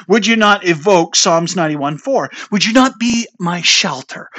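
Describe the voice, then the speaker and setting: A woman preaching a sermon, retelling a Bible story in an animated way and acting out the quoted lines. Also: medium pitch.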